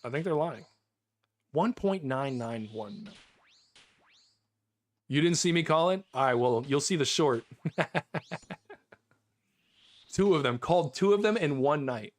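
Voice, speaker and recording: An excitable American man talking through a live game stream. His voice sits a little higher than most men's, and he repeats himself and breaks into laughs as he talks. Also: normal speed, pauses often.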